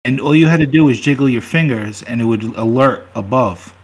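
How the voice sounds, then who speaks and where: A man's voice: mid-range voice, a little fast, breathy edge. A man co-hosting a casual podcast, telling jokey stories and laughing often. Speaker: podcast co-host. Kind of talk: casual chat.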